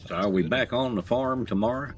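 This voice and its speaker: A man's voice: mid-range voice, brisk, soft background music. A man chatting on a game stream as a guest, dry and sarcastic. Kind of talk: casual chat.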